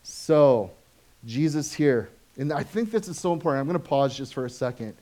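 At a moderate pace, a pastor who is a father preaches in a chatty style, frequently asking his congregation questions. His delivery swings between animated anecdotes and soft, low remarks.

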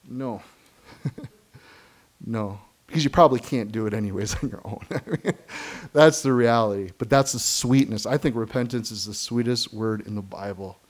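Middle-aged guy preaching, emphatic, laughs a lot, middle pitch. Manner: earnest, emphatic preaching with frequent laughs and quick asides; acts out quoted voices of kids and believers. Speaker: pastor. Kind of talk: sermon.

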